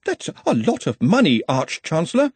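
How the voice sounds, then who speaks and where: Man doing a fussy young wizard, prim, precise, raised pitch, husky. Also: wildly swooping pitch, moderate pace, no room sound, full character voice.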